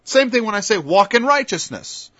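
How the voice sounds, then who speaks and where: A man's voice: sits high, sing-song, moderate pace, fairly bright tone, no echo. A man preaching an informal Bible-study sermon. He talks conversationally, stops and restarts, then builds to emphatic peaks. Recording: dull lo-fi dry recording.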